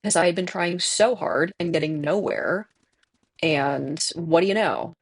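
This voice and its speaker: Hoarse, gravelly streamer in their twenties. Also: medium pitch, a little slow, no room sound. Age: 20s. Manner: candid, chatty, laughs often, answers chat directly. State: hoarse from tonsillitis. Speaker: livestreamer reading chat. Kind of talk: casual chat while streaming a game.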